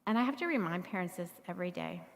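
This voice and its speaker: A woman's voice: on the low side, expressive, very fast. Woman teaching a workshop in an echoing hall. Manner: conversational, asks the room "right?" often. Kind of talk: live workshop talk to an audience. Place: church meeting room. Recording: long hall reverb.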